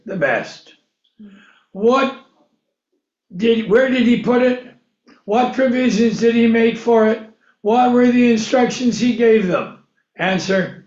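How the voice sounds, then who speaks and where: A man with a high voice delivers a slow, unhurried sermon, posing questions to his listeners and answering them himself. The recording sounds dull and lo-fi, and his voice rings in a roomy, echoey space. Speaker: preacher. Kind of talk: sermon, Bible teaching.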